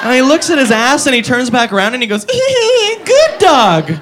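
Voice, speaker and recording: A woman doing a stand-up comedy set, profane and animated, jumping into squeaky voices for the people in her jokes. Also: fast, background noise.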